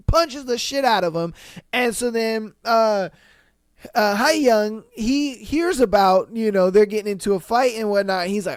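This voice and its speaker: A man hosting a podcast and casually recapping a drama, animated and cursing freely, acting out the dialogue as he goes. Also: high-pitched, unhurried, no room sound, clean studio sound. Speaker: podcast host.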